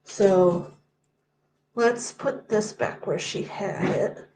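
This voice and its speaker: A woman's voice: medium pitch, extremely slow, noisy background. A woman who is a guest on a casual live-stream chat, talking in an offhand, joking way. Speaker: guest, local cat advocate. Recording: echoey room.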